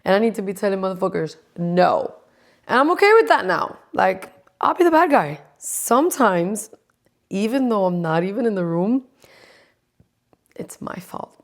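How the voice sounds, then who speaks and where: A woman's voice: medium pitch, very animated, moderate pace. A woman in her forties chatting casually to camera, blunt, sassy and full of profanity. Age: 40s. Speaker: vlogger.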